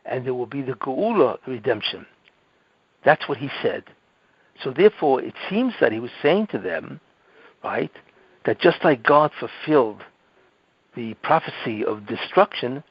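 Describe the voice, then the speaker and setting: Husky-voiced rabbi with lively rhetorical questions. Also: male voice, medium pitch, no room sound. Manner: questioning, rhetorical, repeats "you see?". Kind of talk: Torah lecture. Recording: dull lo-fi audio.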